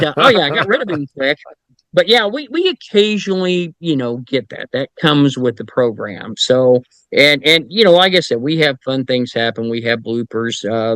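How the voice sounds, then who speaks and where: A man's voice: medium pitch, a bit bright, no room sound, poor audio. A middle-aged man with a mid-range voice tells his stories casually and wryly, now and then dropping a mild curse. The recording is close and dry, with no room sound. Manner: wry anecdotes with mild profanity. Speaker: paranormal investigator, podcast guest. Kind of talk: casual storytelling.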